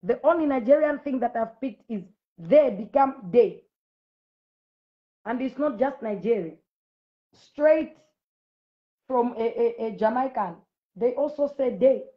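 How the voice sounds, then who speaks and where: A woman's voice: fairly high pitch, moderate pace, few pauses, highs cut off. Woman from zambia, preacher, livestream address, confrontational, repeats her challenges. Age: adult with school-age children. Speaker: Christian preacher on a live video.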